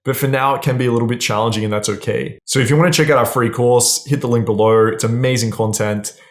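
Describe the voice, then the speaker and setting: This is a man coaching viewers on dating straight to the camera. His voice sits at a mid pitch, and his manner is casual and blunt. He swears without a second thought and keeps checking in with a quick "right?". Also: steady tone. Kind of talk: direct-to-camera advice.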